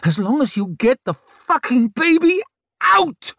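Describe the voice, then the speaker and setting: A man's voice: very high-pitched, big pitch swings, slow, sharp tone, no room sound, studio quality, pitched above the performer's own voice, exaggerated voice. Man voicing a snarling woman screaming curses. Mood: furious. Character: furious young noblewoman in labour.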